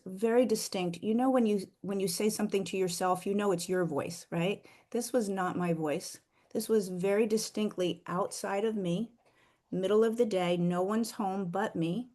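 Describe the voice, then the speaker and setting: A middle-aged woman earnestly sharing a personal faith story, slowing down for emphasis. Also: medium pitch, darkish tone. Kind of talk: heartfelt personal testimony.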